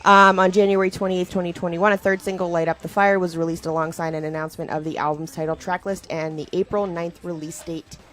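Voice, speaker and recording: A woman's voice: fairly low pitch, flat delivery, fast, few pauses. A woman in her thirties co-hosting a podcast in casual chat, giggly and playful, at times reading notes aloud. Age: 30s. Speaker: podcast co-host.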